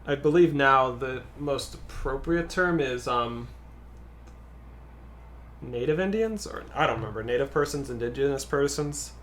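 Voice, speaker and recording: Man, guest co-player, casual game commentary, rambling, mid pitch. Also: steady tone, moderate pace, hardly any pauses, fairly bright tone, a little hiss or hum. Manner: rambling, thinking aloud.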